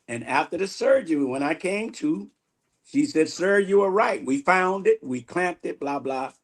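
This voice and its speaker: A man giving an animated spiritual testimony in an interview, acting out the dialogue he recounts. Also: sits high, a little slow. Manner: animated storyteller, acts out quoted dialogue. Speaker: guest minister.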